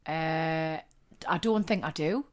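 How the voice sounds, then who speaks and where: A woman with a Geordie accent, a podcast guest chatting casually, animated and sweary in her comic rants. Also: low voice, slow pace.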